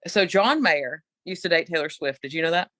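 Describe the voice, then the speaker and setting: A middle-aged woman co-hosting a podcast, telling a story in an animated, opinionated casual chat. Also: sits low, fairly quick, dry recording. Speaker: podcast co-host.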